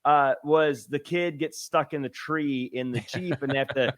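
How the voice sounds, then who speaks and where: Guy hosting a movie chat, kinda high voice, jokey and animated. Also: normal speed. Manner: lively, mimics people in funny voices. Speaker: podcast host. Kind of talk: casual chat.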